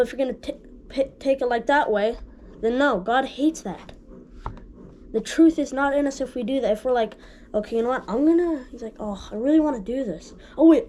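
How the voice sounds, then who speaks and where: A woman giving a casual home Bible-study video, talking haltingly with many restarts and frequent checks of "right?" and "okay?". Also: on the high side, darkish tone, slight background noise. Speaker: amateur online Bible teacher.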